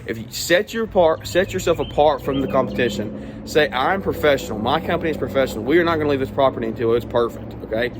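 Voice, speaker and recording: This man runs a small lawn care business and talks quickly, with lively intonation and a medium pitch, in a casual vlog. His advice is straightforward, punctuated by "all right?" and "okay?" Background noise is present.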